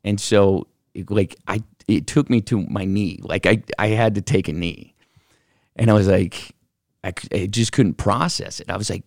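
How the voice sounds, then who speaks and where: Middle-aged man, low and gravelly, casual animated storyteller who acts out the dialogue. Dry sound. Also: moderate pace, no echo. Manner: animated, acts out quoted voices, many fillers. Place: office.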